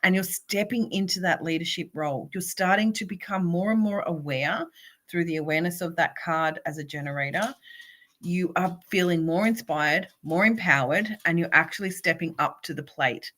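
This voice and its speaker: A woman's voice: lowish voice, normal speed, fairly bright tone. A woman, a spiritual coach, doing a live oracle card reading and speaking encouragingly to viewers by name.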